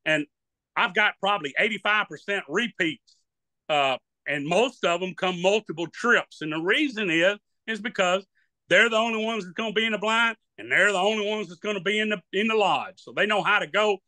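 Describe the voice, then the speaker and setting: An older hunting guide with a thick Louisiana drawl rambles through homespun stories in an interview. His voice sits high and sounds sharply bright. The recording is dry and close, with no room sound. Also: normal speed, no room sound. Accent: Southern US, Louisiana. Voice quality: hard of hearing. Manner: folksy rambling storyteller, acts out voices. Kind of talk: storytelling in an interview.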